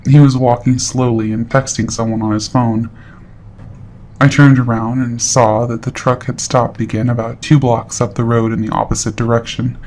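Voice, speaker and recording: Man narrating a horror story. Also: mid-range voice. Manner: steady, matter-of-fact storytelling. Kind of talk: scripted narration.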